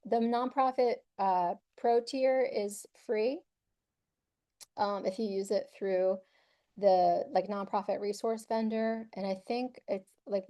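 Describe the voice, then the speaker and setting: Mellow-voiced woman presenting a webinar. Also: mid-range voice. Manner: upbeat, conversational, frequent fillers.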